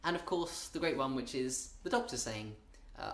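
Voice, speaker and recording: A man's voice: mid-range voice, lively intonation, moderate pace, echoey room. A British man delivering a comic monologue in a wry, rambling way, often breaking off and restarting his sentences. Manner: wry, rambling, self-interrupting. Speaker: comedian.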